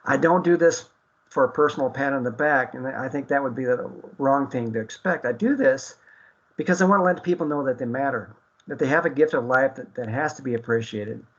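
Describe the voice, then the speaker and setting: A man's voice: mid-range voice, brisk, lo-fi sound. A man hosting an internet radio talk show, speaking earnestly with many fillers and restarts.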